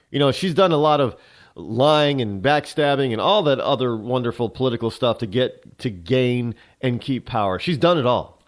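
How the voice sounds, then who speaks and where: Male talk host, rambling political monologue, animated pitch, frequent restarts. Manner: rambling, halting with many restarts.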